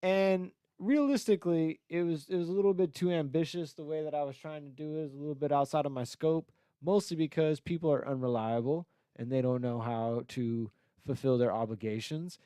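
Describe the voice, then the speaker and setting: A man's voice: a little high, fairly even intonation, fairly quick, hardly any pauses, warm tone, clear, resonant tone, no echo. A young man hosting a podcast, ranting about a rival with constant swearing and mocking put-on voices. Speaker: podcast host and battle rapper. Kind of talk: profane, ranting podcast talk.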